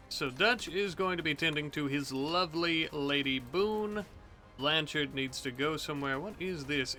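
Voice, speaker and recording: A man hosting a let's play, narrating his colony in a theatrical role-played manner with slow, taunting speeches. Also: on the high side, bright, forceful tone. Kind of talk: role-played gameplay commentary.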